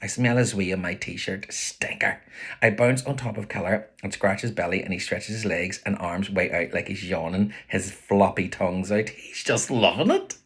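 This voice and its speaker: A man with a Belfast accent, reading his own novel aloud with lively voices for the characters. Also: low-pitched, moderate pace, husky. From Northern Ireland.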